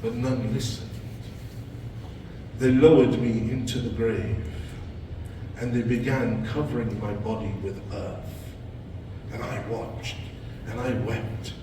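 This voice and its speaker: A man's voice: fairly even intonation, slow pace, long pauses. A man preaching a dramatic, impassioned sermon told as a story, recorded in an echoey mosque hall from a distant mic. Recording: echoey hall from far off, low rumble.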